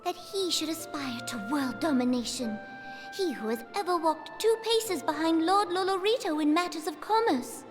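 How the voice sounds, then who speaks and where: A high-voiced stately court official. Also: female voice, animated, moderate pace, over music. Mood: cool. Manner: formal, cool and precise. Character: stately, sharp-tongued female court official. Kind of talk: video game cutscene voice acting.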